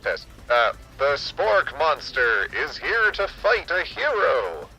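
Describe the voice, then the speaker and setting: A man's voice: on the high side, very animated, takes it slowly, bright, forceful tone, highs cut off, soft background music, exaggerated voice. A man voicing an awkward spork monster in a video game, stumbling through his threats. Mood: mock menacing. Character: awkward male spork monster, trying to sound scary.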